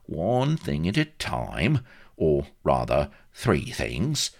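A man voicing a calm, sly shopkeeper who talks in cheeky, slangy, dropped-letter speech, higher than his own voice. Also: slow, gravelly, full character voice. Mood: frosty. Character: calm, sly, common-spoken male shopkeeper.

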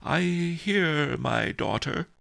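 A man's voice: medium pitch, a little slow, gravelly, sharp tone, no room sound, clean studio sound, voice pushed up, heavily acted. A man reading an audiobook, voicing a pious elderly male abbot who speaks formally through tears. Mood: solemn tearful. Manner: solemn, formal blessing speech. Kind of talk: audiobook character voice.

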